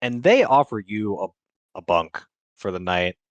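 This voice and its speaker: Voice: low-pitched, sing-song, a little slow, no echo, lo-fi sound. A game master narrates a streamed tabletop game, casual and profane, stumbling into restarts. The voice moves up and down a lot, and the recording is dry and close-miked. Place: home streaming setup.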